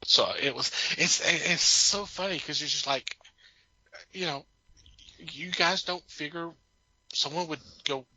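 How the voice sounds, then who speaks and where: A man's voice: a little high, measured pace, long pauses, pushed and bright, rough recording. A man co-hosting a podcast, telling a story in casual chat, amused and rambling with many restarts. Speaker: podcast co-host.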